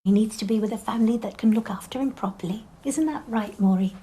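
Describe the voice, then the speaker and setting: Soft-spoken social worker. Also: female voice, a little high, fast, breathy edge. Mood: gentle. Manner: soft, hushed persuasion. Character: calm female social worker, gentle.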